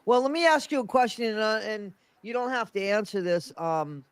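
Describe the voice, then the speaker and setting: A man hosting a casual livestream chat, stuffy and congested, talking haltingly with many restarts. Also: high voice, animated, clean tone, no room sound. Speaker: livestream host.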